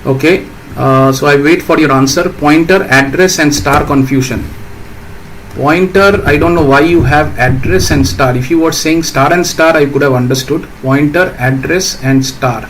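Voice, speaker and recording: A man's voice: fairly high pitch, normal speed, fairly bright tone, a little hiss or hum, low-quality recording. A man, teaching programming in a live stream and patiently answering viewer questions. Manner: explains patiently, reads out questions, asks "right?".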